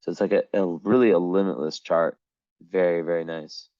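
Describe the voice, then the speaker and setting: A man with a very low, deep voice gives a casual astrology reading, wandering from thought to thought with constant hesitations. His voice is wearing thin and hoarse. The recording is dull and lo-fi, with a dry, close sound. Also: fairly even intonation, normal speed, mellow, no room sound. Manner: meandering, hesitant, full of "like". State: losing his voice.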